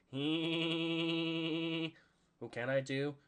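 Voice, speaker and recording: A man's voice: on the high side, flat delivery, extremely slow, clean tone, pitched above the performer's own voice. A man voicing a goofy middle-aged cartoon dad with a Boston accent, chuckling as he talks.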